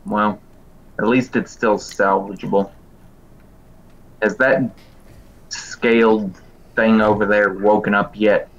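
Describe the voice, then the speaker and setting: A man's voice: lowish voice, little pitch movement, slow, long pauses, dull audio. A man playing a tabletop game, speaking in a dry, matter-of-fact way. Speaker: player. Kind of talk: casual tabletop role-play.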